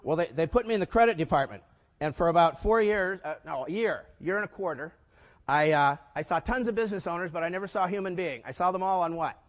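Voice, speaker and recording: An older man tells stories to a conference audience and acts out the dialogue with lively voices. His voice sits a little high for a man. The sound carries the long reverb of a large hall. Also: quick pace. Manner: animated storyteller acting out quoted dialogue. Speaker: keynote speaker. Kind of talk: storytelling keynote talk.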